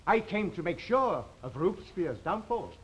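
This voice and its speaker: A man's voice: high voice, big pitch swings, normal speed, husky, dull audio, exaggerated voice. An actor playing an elderly male time traveller with a tetchy, commanding manner in a 1960s television drama. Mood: accusing.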